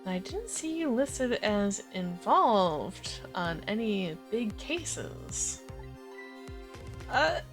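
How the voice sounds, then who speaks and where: A woman voicing a flamboyant, smooth-talking male police inspector with a drawl. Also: medium pitch, sing-song, drawn-out words, music in the background. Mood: probing. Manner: drawling, calls people baby.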